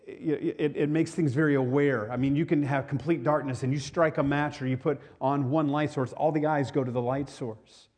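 A man's voice: mid-range voice, a little mellow. A male pastor preaching a sermon to his congregation in a conversational way, often repeating words and asking the listeners questions.

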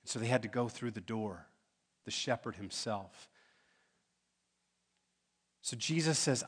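A man's voice: medium pitch, lively intonation, a little slow, pauses often, slightly rough. A man preaching a sermon as pastor, emphatic, building to urgent pleas.

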